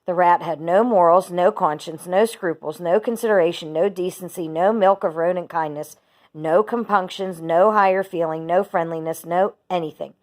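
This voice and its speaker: A teacher reading a children's book aloud, steady and expressive. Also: female voice, on the low side, moderate pace.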